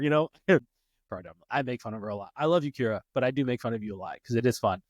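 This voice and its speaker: A man's voice: mid-range voice, fast talker, no room sound. A man in his late twenties, a podcast host in casual chat, telling stories and acting out quotes with a rising voice. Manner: animated, acts out quotes with rising voice.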